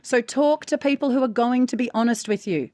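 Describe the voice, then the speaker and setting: A woman's voice: fairly high pitch, brisk, mellow, no echo, studio quality. A woman voice-over coach co-hosting a casual podcast, talking frankly and emphatically, often tagging her points with "right?".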